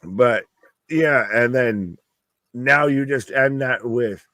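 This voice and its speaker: Co-hosting a live wrestling watch-along, a man swears heavily and trails off mid-sentence in exasperation during the profane commentary chat. His voice is medium-pitched, slow, pushed, and bright, with no echo.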